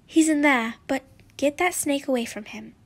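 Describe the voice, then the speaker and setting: A woman's voice: high-pitched, normal speed. A woman reading the lines of a worried teenage boy wizard in her own voice. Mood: urgent.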